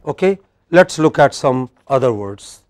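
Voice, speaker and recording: A man with an Indian English accent teaching a classroom lecture, slow and deliberate, often putting questions to the class. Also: mid-range voice, expressive.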